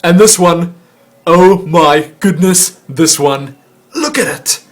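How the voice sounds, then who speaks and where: A man's voice: on the high side, slow. Chatty man hosting a mail show. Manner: chatty, self-mocking, stumbles over foreign words. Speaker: vlog host opening fan mail. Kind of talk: casual chat to camera.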